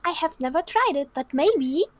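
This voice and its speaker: A woman's voice: very high voice, animated, normal speed, no room sound. A woman voicing a tiny cheeky creature who finds big folk weird.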